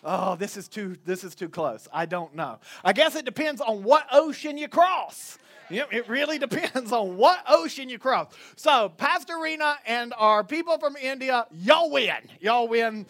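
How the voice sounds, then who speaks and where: A man's voice: extremely high pitch, animated, measured pace, fairly bright tone. A man from Florida, preaching casually and playfully polling his congregation in a chatty way.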